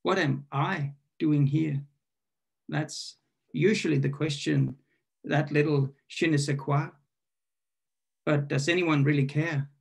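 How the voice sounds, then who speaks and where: A man with a somewhat high, gravelly voice that has a husky edge reads his own poetry to an online audience. He is tentative and full of restarts when he talks about the poem. When he reads it, he turns deliberate and probing, and the sound comes through a video call. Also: steady tone. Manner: halting and self-correcting when introducing, measured and questioning when reading. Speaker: poet reading his own work.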